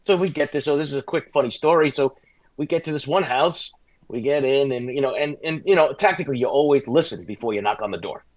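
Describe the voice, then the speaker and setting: A middle-aged man, a former police sergeant telling animated stories as a guest on a casual podcast. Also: medium pitch. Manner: fast, animated anecdotes with restarts.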